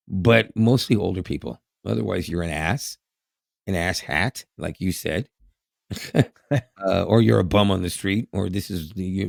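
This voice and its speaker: A man's voice: low voice, gravelly, a little mellow, no room sound, studio quality. A man, co-hosting a podcast in casual chat, laughing often and repeating words. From Canada. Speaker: podcast co-host.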